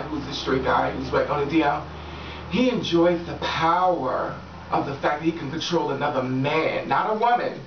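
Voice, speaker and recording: A woman talking casually and frankly to her viewers, swearing freely and often laughing. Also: sits low. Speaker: vlogger giving relationship advice. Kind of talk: casual straight-talking vlog. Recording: echoey room, distant dull mic, faint background noise.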